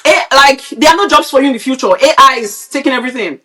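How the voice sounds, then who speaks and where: A woman's voice: high-pitched, animated, fast talker, bright, forceful tone. A woman from Nigeria, a podcast co-host, ranting bluntly and with a lot of swearing in casual, opinionated chat. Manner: blunt, profane, heated ranting.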